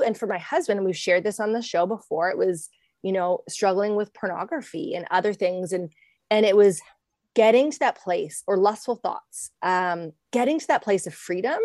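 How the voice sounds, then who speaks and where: A woman's voice: mid-range voice, normal speed, dark tone, no room sound, clean studio sound. A woman podcast host responding to her guest in an affirming, chatty way, with frequent ums. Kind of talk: conversational podcast talk.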